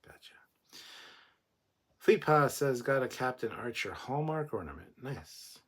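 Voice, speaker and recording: A man's voice: mid-range voice, sing-song, unhurried, breathy edge. A man hosting a livestream, chatting casually and joking as he reads viewer comments aloud. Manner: joking, chatty, rambling with restarts. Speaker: livestream host.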